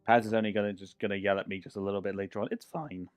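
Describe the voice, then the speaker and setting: A man's voice: on the low side, steady tone, rapid-fire, slight background noise. A man chatting casually with his viewers while playing a block-building game, joking and laughing often. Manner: playful, chatty, laughs often, talks to chat. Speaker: streamer. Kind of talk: casual livestream chat while gaming. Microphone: desk microphone.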